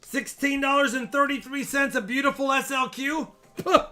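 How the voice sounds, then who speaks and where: A man hosting a live coin auction stream, chatty and excitable, joking as he shows coins. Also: very high-pitched, normal speed, faint music behind. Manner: chatty, excitable, jokes while showing coins. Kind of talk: casual live auction chat.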